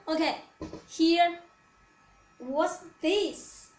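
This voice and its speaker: A woman teaching Chinese, calling out each syllable loudly, then explaining its meaning quietly in English. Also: extremely high pitch, lively intonation, slow. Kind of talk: slow pinyin drill lesson. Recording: echoey room.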